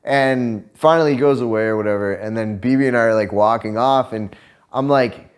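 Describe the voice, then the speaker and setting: A man vlogger telling stories in a casual chat, profane and animated, laughing as he tells them. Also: medium pitch, brisk.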